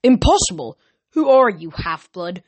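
A woman's voice: lowish voice, moderate pace, dry recording, lightly acted. A woman reading a storybook, voicing a menacing male storm spirit who gloats and threatens. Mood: gloating.

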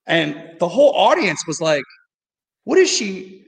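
A man, a comedy club owner, telling a rambling, animated story in casual chat. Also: sits high, a little slow, vocal fry, big-room sound, low-quality recording.

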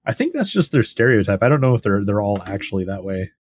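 A man co-hosting a podcast, answering in a relaxed, wry way. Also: fairly low pitch, fast talker, husky, no room sound, studio quality. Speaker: podcast co-host. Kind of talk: casual chat.

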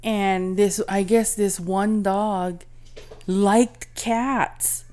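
A woman's voice: mid-range voice, steady tone, drawn-out words, a little mellow, clear, resonant tone. A woman co-hosting a podcast, telling stories in a rambling, casual way and swearing freely. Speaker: podcast co-host. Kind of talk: casual chat.

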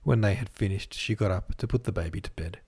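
A man reading a classic novel aloud as a podcast host, in measured literary narration. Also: fairly low pitch, a little mellow, breathy edge. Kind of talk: scripted narration.

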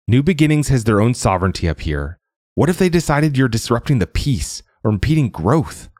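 Scared pleading grown daughter, man reading her, pitched up from a deep voice, dry sound. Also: expressive, normal speed, a little mellow, no room sound. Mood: fearful. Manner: pleading, fearful. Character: worried adult daughter, pleading.

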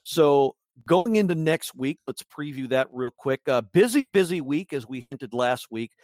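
A man's voice: mid-range voice, lively intonation, normal speed, a little mellow, dry recording, studio quality. A man hosting a casual sports podcast, rambling and wry with lots of fillers. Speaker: podcast host.

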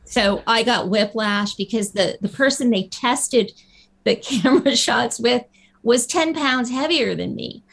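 A woman guest telling a lively anecdote in a casual interview, acting out the people she quotes. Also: on the high side, a little slow, creaky. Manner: animated storyteller, acts out quotes. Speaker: guest actress.

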